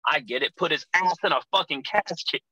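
A man, a wrestler guest telling profane, animated stories and acting out his own shouting. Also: on the high side, a little fast, no room sound, low-quality recording. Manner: profane, animated storyteller, acts out shouting in quotes. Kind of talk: casual storytelling chat.

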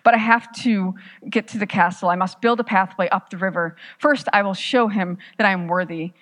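A woman's voice: medium pitch, fairly quick, fairly bright tone, natural voice. A woman voicing a guilt-ridden young brother. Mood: driven. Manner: anxious, self-condemning, insistent. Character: desperate guilt-driven young man, rock-stacking brother.

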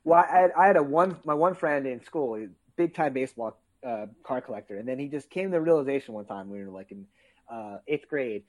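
A man telling childhood stories in casual chat, acting out quotes with loud outbursts and frequent swearing. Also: medium pitch, brisk, poor audio. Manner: animated storytelling, acts out quotes loudly; swears freely.

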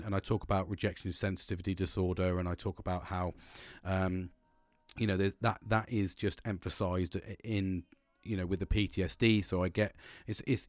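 A man in his forties talks candidly into a dry, close microphone. He rambles, restarts his sentences and swears constantly, in a voice of middling pitch. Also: dry recording. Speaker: podcast host. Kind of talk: candid personal monologue.

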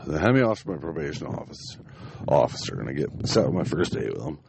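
Low-voiced man telling a story. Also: very animated, fast talker, vocal fry, background noise. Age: young adult. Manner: profane, rambling, blunt. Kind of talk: casual spoken anecdote.

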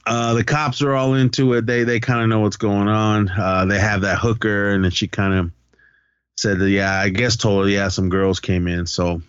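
Guy on a podcast telling a movie plot, low voice, dry muffled mic, does the lines himself. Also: flat delivery, normal speed, clean tone, no room sound. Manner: loose storytelling, acts out quotes, profane. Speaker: podcast co-host. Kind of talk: casual movie recap.

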